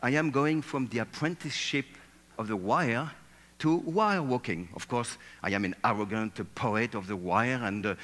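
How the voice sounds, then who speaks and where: Man, animated, playful, acts out scenes, seated on stage, echoing hall. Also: mid-range voice, moderate pace. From France. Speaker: speaker giving a talk. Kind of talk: theatrical storytelling talk.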